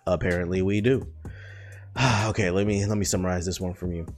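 An American man hosting a solo podcast, talking loosely with lots of fillers and swearing, swinging between excited bursts and low mutters. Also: brisk, soft background music. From United States. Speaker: podcast host. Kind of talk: casual solo podcast monologue.

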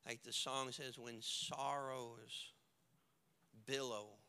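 A male pastor preaching a sermon, moving between quiet storytelling and loud, shouted declarations while acting out the people in the story. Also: mid-range voice, steady tone, extremely slow, clear, resonant tone, big-room sound. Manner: swings from hushed storytelling to shouted preaching, acts out characters.

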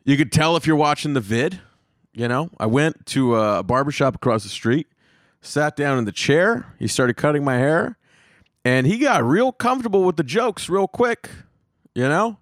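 A male comedian hosting his own podcast, rambling through profane stories. His pitch runs a bit high and jumps about a lot, and he sounds close and dry. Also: normal speed, no echo. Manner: profane, rambling, animated storytelling. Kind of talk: casual comedic monologue.

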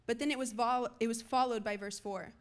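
A young woman preaching a sermon to students, moving between loud calls and soft, hushed lines. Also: a little high, fairly even intonation, brisk. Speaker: youth speaker.

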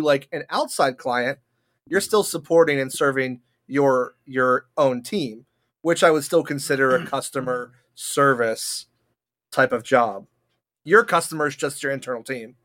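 A podcast co-host in casual chat who tells stories in an animated way and laughs often. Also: medium pitch.

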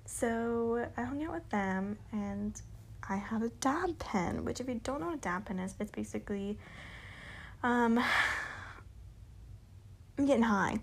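A woman's voice: fairly high pitch, animated, measured pace, pauses often, slight background noise. A young woman vlogger telling a story in casual chat, swearing freely and laughing through it. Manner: profane, laughing, bubbly.

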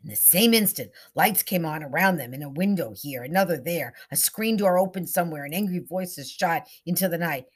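Expressive woman reading a story aloud. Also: fairly low pitch, a little fast, few pauses, husky. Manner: expressive, shifting into soft whispers and raised character voices.

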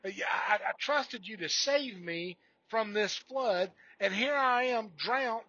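A man's voice: high voice, slow pace, bright, forceful tone, no room sound, dull audio, pitched above the performer's own voice, full character voice. A man playing a frustrated drowned man pleading with God. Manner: upset, bewildered complaining.

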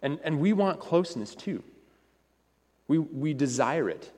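A man's voice: fairly high pitch, animated, measured pace, a little mellow. Man preaching in a reverberant hall. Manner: conversational, repeats words as he goes. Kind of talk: sermon.

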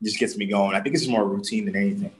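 A man's voice: lowish voice, fairly even intonation, quick pace, poor audio. A man from Boston, a gym coach, chatting easily and talkatively as a podcast guest. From Boston, USA. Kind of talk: casual interview chat.

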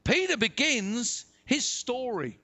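High, lively British-raised pastor preaching. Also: male voice, slow pace. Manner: dramatic, acts out voices in the reading. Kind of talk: sermon with scripture reading. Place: church hall.

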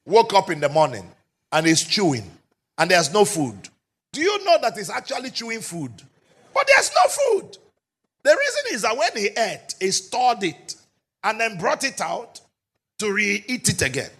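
A man preaching a sermon as pastor, emphatic and often shouting, with rhetorical questions to the congregation. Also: high-pitched, sing-song, moderate pace, slightly rough.

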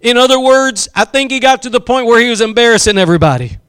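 High bright-voiced impassioned preacher man. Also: lively intonation, smooth. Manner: impassioned, drawn-out emphatic phrases, acts out quotes. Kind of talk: sermon.

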